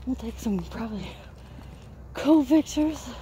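A breathless woman films herself climbing a hill outdoors, chatting and laughing at herself along the way. Her voice is mellow, with a pitch that rises and falls a great deal. She speaks slowly, with a faint hiss of background noise. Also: animated. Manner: chatty, self-mocking, talks to camera while hiking uphill. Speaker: vlogger. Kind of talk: casual walking vlog.

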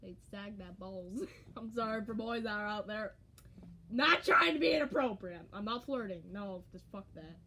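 A woman's voice: mid-range voice, moderate pace, hardly any pauses, fairly bright tone. A young woman reading her own old story aloud on camera, swearing, laughing and mocking herself. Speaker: YouTuber. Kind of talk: reading old writing aloud with comedic commentary. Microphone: handheld camera.

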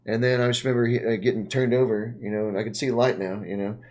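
A man chatting casually on a podcast, rambling with lots of fillers and swearing, often trailing off quietly. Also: fairly low pitch, steady tone, fast. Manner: rambling, profane, trailing off into mumbles. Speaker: podcast co-host, punk singer. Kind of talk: casual chat.

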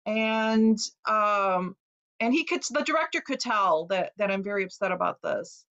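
A woman from Chicago, an author giving a talk, recounting a personal story in an earnest, emotional way with hesitant pauses. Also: mid-range voice, expressive, a bit bright, lo-fi sound. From Chicago, USA.

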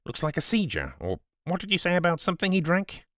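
A startled doctor, voiced by a man reading an audiobook, speaks in a brisk, clinical way. The voice sits noticeably higher than the reader's own. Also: wildly swooping pitch, a bit bright, no echo, clean studio sound, full character voice. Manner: brisk, exclaiming.

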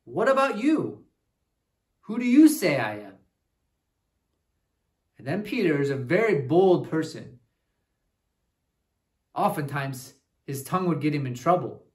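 A man's voice: on the high side, a little slow, long pauses. A man playing a goofy, upbeat traveling cousin who teaches a children's Bible lesson in character. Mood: cheerful. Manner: animated, talks straight to kids with frequent "right?".

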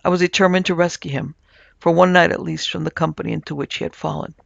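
A man narrating a supernatural tale in a measured, scripted storytelling manner. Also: a little high, steady tone, gravelly, fairly bright tone, no echo, dull audio. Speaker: narrator and producer.

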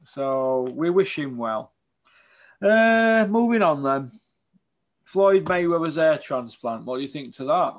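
A man's voice: fairly high pitch, expressive, takes it slowly. A man hosting a casual boxing chat, tired after a long day, rambling with tag questions. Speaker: host.

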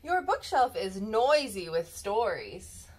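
A woman reading a children's bedtime story aloud in a gentle, expressive storybook manner. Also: mid-range voice, slow, slightly rough.

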